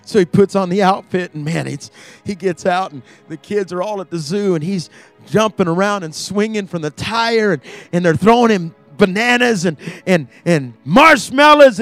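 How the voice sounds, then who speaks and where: High-voiced male preacher, dramatic storytelling. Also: moderate pace, no echo, soft background music. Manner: dramatic storytelling, builds to loud peaks. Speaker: campus ministry preacher. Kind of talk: sermon. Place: church.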